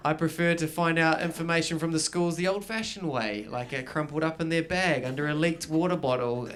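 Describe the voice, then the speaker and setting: Man, new zealand accent, stand-up comic, slightly high voice, anecdotal delivery, live garage gig. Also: fairly quick, a bit bright. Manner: storytelling, acting out both sides of dialogues. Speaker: stand-up comedian. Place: small garage gig before a live audience.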